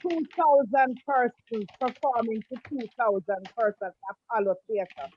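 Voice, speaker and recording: A woman's voice: on the high side, moderate pace, a little hiss or hum. A woman on a video call, affectionately calling people darling and honey as she recalls old times. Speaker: guest. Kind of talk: casual video call chat. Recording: dull, dry video call audio.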